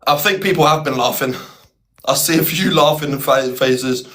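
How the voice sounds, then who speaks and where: A man's voice: mid-range voice, normal speed, fairly bright tone. A young British man hosting a live stream, taunting his guest and laughing often. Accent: British English. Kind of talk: mocking live-stream argument.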